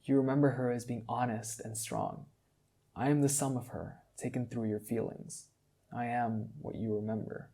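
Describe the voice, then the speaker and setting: A gentle spell-made woman, a copy of a lost wife, speaks softly and with quiet understanding in a fantasy storybook reading, as a male narrator gives her lines. The voice is low and mellow, with a breathy husk. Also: normal speed.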